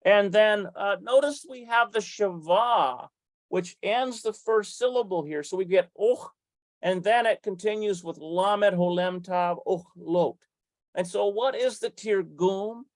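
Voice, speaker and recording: A slow, deliberate teacher walks through a Hebrew grammar lesson, spelling out each letter and vowel one at a time. The voice sits at a middle pitch, pauses for frequent fillers and corrects itself as it thinks aloud. The sound is close and dry, with no room echo.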